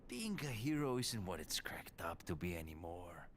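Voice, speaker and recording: A teasing, womanizing ex-cop talks in a put-on Spanish accent. His lower voice swings widely in pitch, and a faint noise sits behind him. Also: sing-song, normal speed. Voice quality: playful, teasing. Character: flirtatious male Spanish ex-cop, joking and sly.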